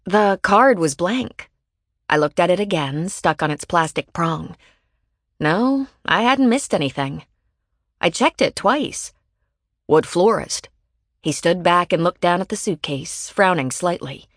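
Low-voiced woman narrating an audiobook. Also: expressive, unhurried, no echo, clean studio sound. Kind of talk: first-person audiobook narration.

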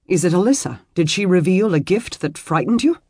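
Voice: mid-range voice, lively intonation, a little fast, mellow, husky, no echo, clean studio sound, voice pushed up. A narrator voicing Robert, a worried, protective young knight who speaks earnestly, tender but firm.

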